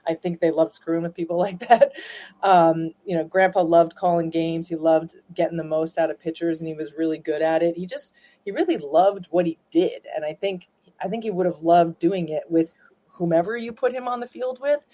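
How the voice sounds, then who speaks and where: A woman's voice: lowish voice, normal speed, dark tone. A woman being interviewed, telling family stories in a chatty, rambling way with many fillers and restarts. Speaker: guest, granddaughter of a former ballplayer. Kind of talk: casual storytelling interview.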